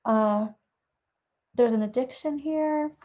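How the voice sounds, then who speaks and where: A woman's voice: sits high, takes it slowly, dark tone, highs cut off, slight background noise. A woman giving a casual, chatty tarot reading at home, thinking aloud and correcting herself as she goes. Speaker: tarot reader. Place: at home with a dog nearby.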